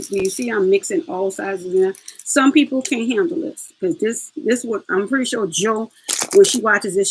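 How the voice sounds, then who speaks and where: A woman's voice: medium pitch, moderate pace, slight background noise, poor audio. A woman hosting a casual step-by-step craft tutorial, chatty and laughing as she talks to her viewers.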